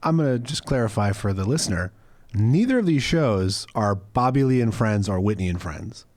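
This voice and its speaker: A man's voice: lowish voice, lively intonation, moderate pace, a little mellow. A man co-hosting a casual podcast, making points in a blunt, matter-of-fact way. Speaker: podcast co-host.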